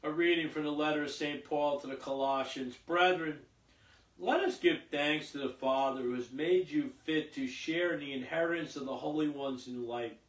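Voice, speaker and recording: A priest reading scripture at Mass and then preaching a homily in a slow, halting way, with many fillers and repeated words. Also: male voice, on the high side. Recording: echoey church, voice from a distance.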